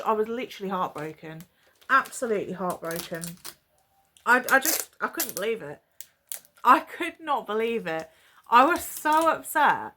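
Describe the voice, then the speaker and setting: A woman's voice: fairly high pitch, sharp tone, a little hiss or hum. A woman, chatting to camera and retelling a personal story with lots of quoted dialogue. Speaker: vlogger.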